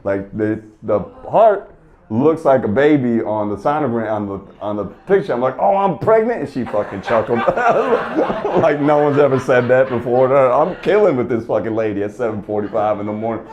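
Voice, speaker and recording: A man's voice: medium pitch, lively intonation, normal speed, darkish tone, dull audio. A man doing stand-up comedy, telling a story as a profane, exasperated rant.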